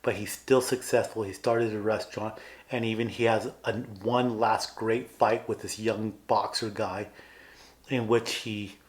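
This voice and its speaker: A man's voice: on the low side, steady tone, a little slow. A man co-hosting a podcast in casual chat, earnestly retelling film scenes and acting out the characters' lines. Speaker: podcast co-host.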